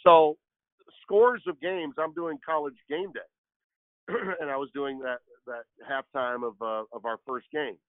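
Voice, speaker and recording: A man's voice: on the high side, unhurried, no room sound. A man in his sixties, a veteran sportscaster, telling stories and joking as a guest. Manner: storytelling, joking. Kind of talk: casual chat. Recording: dry tinny phone line.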